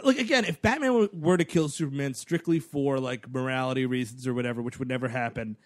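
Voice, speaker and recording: A man co-hosting a comedy movie-review podcast, recapping scenes with profanity and quick mock voices. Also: medium pitch. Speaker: podcast co-host.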